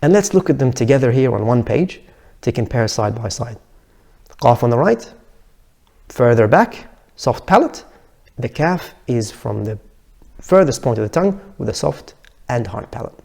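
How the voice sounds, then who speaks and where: A man with Arabic as his first language, teaching a recorded pronunciation lesson, patiently demonstrating sounds by repeating syllables slowly. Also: medium pitch, expressive, vocal fry, warm tone. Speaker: Tajweed teacher.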